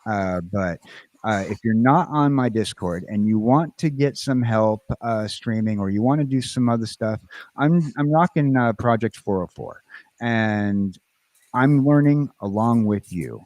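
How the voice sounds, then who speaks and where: A man's voice: on the low side, measured pace, darkish tone, no echo. An American man hosting a casual livestream chat. He rambles and halts, with lots of fillers and restarts. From United States. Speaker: livestream host.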